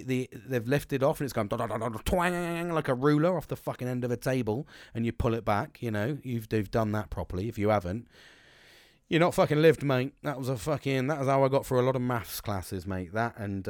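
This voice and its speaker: Middle-aged bloke doing a solo podcast, swears loads, goes off on tangents, dry close sound. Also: male voice, medium pitch, darkish tone, dry recording. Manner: sweary, chatty, self-interrupting digressions. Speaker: podcast host. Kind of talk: rambling solo podcast monologue.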